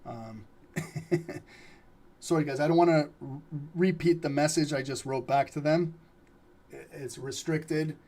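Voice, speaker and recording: A man's voice: on the high side, moderate pace, dark tone. A man hosting a live trading stream, talking casually through charts and asking viewers questions. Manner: casual, asks viewers questions, frequent "okay?". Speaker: trading livestream host. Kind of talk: live market analysis.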